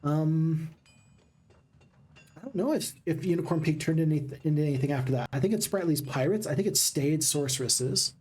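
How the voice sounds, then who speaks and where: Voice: mid-range voice, normal speed, a little mellow, slightly rough. A gaming channel host giving upbeat, casual let's-play commentary and chatting with viewers.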